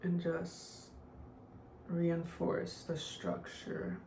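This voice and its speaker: Speaking extremely slowly, this young woman talks her way through a makeup tutorial in a loose, casual style packed with "like" and throwaway comments. She's a beauty vlogger with a lowish, dark-toned voice that stays level. Faint noise sits under an echoey room sound.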